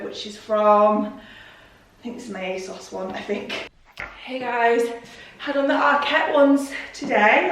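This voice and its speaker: Chatty woman, roomy and distant. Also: fairly high pitch. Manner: chatty, repeats "really" for emphasis. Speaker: fashion vlogger. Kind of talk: casual try-on vlog. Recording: roomy and distant with faint noise.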